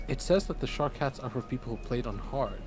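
A man trades dry, teasing banter while co-streaming a survival game. His pitch swings widely as he talks, and music plays clearly in the background. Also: lively intonation, a little fast. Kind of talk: casual gameplay chat.

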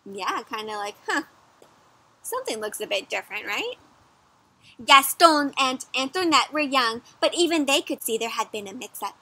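A young woman reading a picture book aloud for children, animated, often pausing to ask her listeners questions. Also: high-pitched. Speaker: children's storyteller. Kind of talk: interactive read-aloud for kids.

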